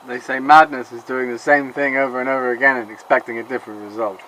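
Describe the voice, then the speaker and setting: A man's voice: medium pitch, fairly even intonation, quick pace, sharp tone, a little hiss or hum, poor audio. A man in casual chat, trading dry, sweary banter with a friend.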